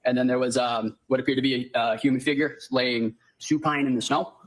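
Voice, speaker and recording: A man testifying in court as a firefighter paramedic, answering politely and in a measured way. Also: medium pitch, fairly even intonation, low-quality recording.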